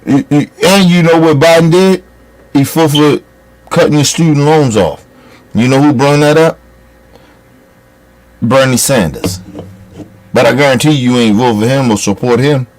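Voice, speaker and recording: A man's voice: medium pitch, moderate pace, long pauses, a little mellow. A man delivering a heated, profane political rant as a commentator, scolding his listeners.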